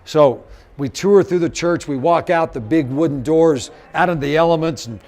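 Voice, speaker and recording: A man's voice: on the high side, normal speed. A middle-aged man from Missouri giving a live motivational talk, telling stories, acting out the quotes and speaking straight to the audience. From Missouri, USA. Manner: animated storyteller, acts out quotes, addresses the audience directly.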